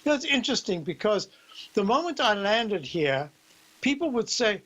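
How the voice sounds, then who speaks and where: A man's voice: high-pitched, sing-song, fairly bright tone, poor audio. An older man with a South African accent, hosting a radio show and walking listeners through market charts in a rambling, conversational way. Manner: rambling, conversational, explains slowly. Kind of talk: market commentary.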